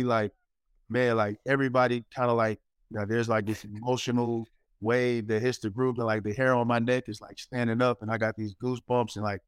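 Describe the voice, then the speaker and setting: A man's voice: mid-range voice, brisk, clean tone, no room sound. A man in his forties, a former college basketball player, telling stories in a casual interview with lots of fillers and acted-out quotes. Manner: animated storyteller, many fillers, acts out quotes.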